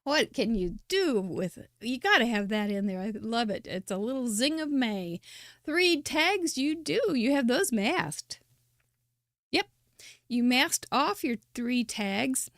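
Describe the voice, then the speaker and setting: A woman hosting a live crafting show, chatting warmly and enthusiastically as she praises viewers' handmade cards. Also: fairly high pitch, very animated, slow, dry recording, studio quality. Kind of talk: live-stream card showcase commentary.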